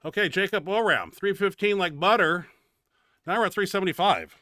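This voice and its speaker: This high-pitched man speaks at a moderate pace with a sharp tone, recorded dry and clean in a studio. Over his own training footage for his bench press show, he delivers casual, blunt commentary laced with profanity, grumbling over a setback.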